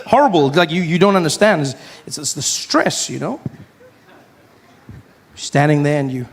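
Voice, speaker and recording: A man performing a stand-up comedy routine, talking animatedly and acting out characters with big shouted voices. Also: fairly high pitch, lively intonation, normal speed, vocal fry. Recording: live stage recording with crowd. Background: audience laughter.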